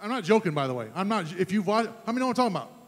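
A man preaching a sermon as pastor, emphatic, rising to loud fervent peaks. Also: high voice, sing-song, racing. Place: church sanctuary. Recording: long church reverb.

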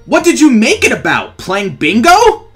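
Very high-pitched and wildly swooping, the young man's somewhat bright voice moves at a measured pace. He's a YouTuber commenting on gameplay while trolling, playful and sarcastic, often laughing, with faint music in the background.

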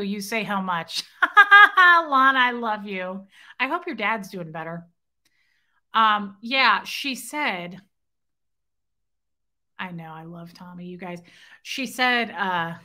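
A woman's voice: medium pitch, lively intonation, slow pace, pauses often, sharp tone. A woman hosting a casual livestream from home, animatedly retelling a story and thanking viewers by name. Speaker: livestream host. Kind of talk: casual live-chat storytelling.

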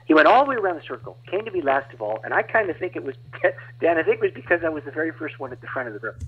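Husky male guest evangelist, animated testimony storyteller, muffled lo-fi audio. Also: on the high side, very fast. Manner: animated, dramatic retelling with laughs. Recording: dull lo-fi audio.

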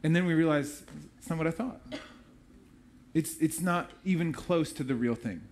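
A man's voice: on the high side, normal speed, a little mellow, a little hiss or hum. A man preaching a sermon as pastor, in a conversational, storytelling way with casual asides.

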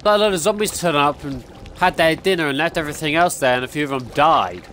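A man's voice: fairly high pitch, fast talker, fairly bright tone, slight background noise. A young man giving jumpy, exclaiming commentary while playing a horror game and talking to its characters. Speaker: gaming YouTuber.

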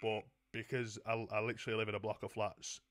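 A man's voice: fairly low pitch, flat delivery, fast talker. A young man making a prank phone call, stammering through a mock-earnest complaint full of slang.

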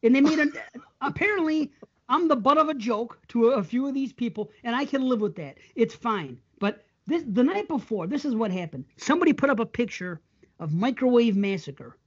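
A man's voice: very high voice, lively intonation, brisk, breathy edge, dull audio. A man co-hosting a podcast, telling stories in casual chat and laughing often. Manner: chatty storyteller, laughs often. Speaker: podcast co-host.

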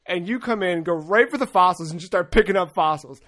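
A young man co-hosting a casual gaming podcast, an excitable storyteller who swears freely. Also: sits high, a little fast. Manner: excitable storyteller, swears freely, acts out his own shouting. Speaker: podcast co-host.

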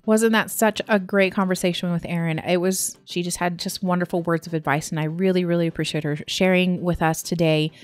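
A woman's voice: lowish voice, steady tone, brisk, few pauses, faint music behind. A woman hosting a podcast, thanking her guest with affirming, emotional words. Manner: affirming, emotional, many short yeahs and restarts. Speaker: podcast host. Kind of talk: warm interview chat.

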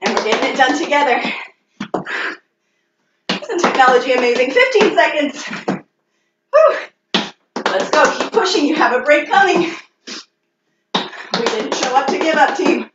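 A woman's voice: high-pitched, sing-song, unhurried, long pauses, recorded from a distance. A woman fitness instructor leading a live-streamed workout, out of breath and sweaty, cheering and counting out reps with lots of energy. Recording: roomy, dull sound with faint noise.

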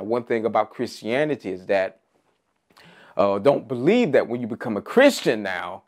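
A man's voice: on the low side, a little mellow. Emphatic man preaching an Easter sermon. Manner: emphatic preaching with rising, repeated phrases; frequent "uh" fillers.

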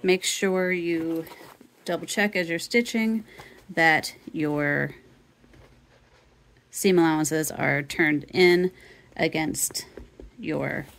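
A woman's voice: low voice, fairly even intonation, very slow, gravelly, long pauses, a bit bright. A woman teaching a sewing tutorial, casually talking the viewer through each step. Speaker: sewing instructor.

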